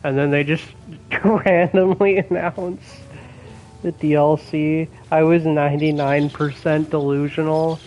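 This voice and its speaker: A young man chats casually on a gaming stream, his voice sitting a little high for a man. He swears freely and laughs between his words. A faint hiss of background noise stays under his voice. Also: little pitch movement, unhurried, a little mellow, dull audio.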